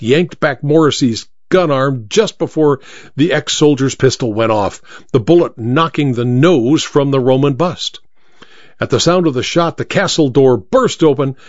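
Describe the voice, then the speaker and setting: A man reading a detective story aloud as its narrator, with even, expressive storytelling. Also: medium pitch, no echo. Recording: dry, slightly dull recording.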